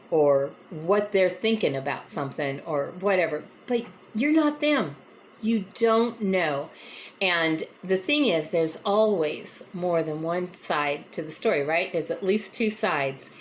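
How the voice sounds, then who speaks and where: A woman's voice: fairly low pitch, slight background noise. Chatty folksy woman telling a story. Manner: chatty, folksy, animated when retelling. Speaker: host of a faith encouragement vlog. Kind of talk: casual storytelling talk.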